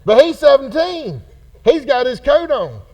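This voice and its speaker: Animated high-voiced pastor. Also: male voice, a little slow, dull audio. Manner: folksy, animated, acts out characters. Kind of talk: casual Bible study teaching. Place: church hall.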